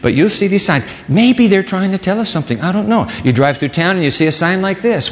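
Male pastor, high and highly expressive, dramatic sermon delivery with hushed drops, recorded in a church with long reverb. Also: a little fast, hardly any pauses, slight background noise. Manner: dramatic, swings from loud to hushed low emphasis. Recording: long reverb of a large hall.

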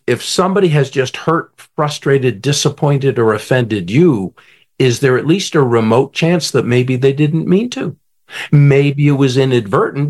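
A male conflict coach talking with a voice that rises and falls widely. He is animated and draws the host in, asking him to finish his sentences. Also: medium pitch. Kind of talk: guest in an interview, coaching talk.

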